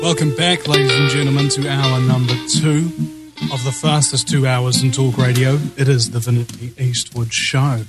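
A man's voice: mid-range voice, steady tone, normal speed, loud music behind the voice, low-quality recording. A man with a New Zealand accent hosting live talk radio, with an announcer-style delivery and theatrical asides. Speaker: radio talk show host.

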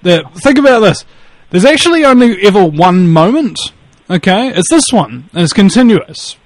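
A man's voice: high-pitched, big pitch swings, normal speed, no room sound. A man chatting casually on a call, telling rambling stories, swearing and laughing at his own jokes. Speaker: podcast guest. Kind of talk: casual chat.

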